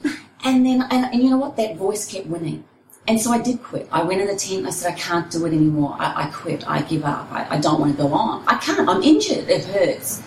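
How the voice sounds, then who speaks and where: Woman, expressive storyteller, slightly low voice, roomy echo, faint ambience. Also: fairly quick, distant mic, a little hiss or hum. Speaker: ultrarunner and personal trainer. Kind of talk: storytelling interview.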